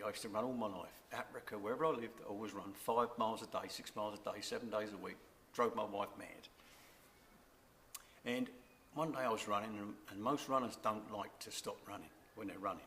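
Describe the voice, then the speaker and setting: A man's voice: lowish voice, quick pace, bright, forceful tone, slight background noise. An older man sharing a personal faith testimony, earnest and reflective, repeating key words. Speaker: church member giving testimony.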